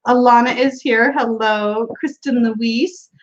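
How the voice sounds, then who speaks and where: A woman's voice: on the high side, fairly even intonation, slow, highs cut off. A woman hosting a casual tarot livestream from a room at home, greeting viewers by name and laughing often.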